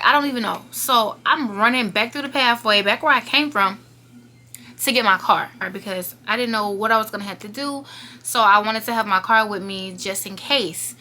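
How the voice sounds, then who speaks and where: A woman's voice: on the high side, pushed and bright. Young woman telling an emotional story. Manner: earnest, emotional, talking straight to viewers. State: holding back tears. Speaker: YouTuber telling a personal story.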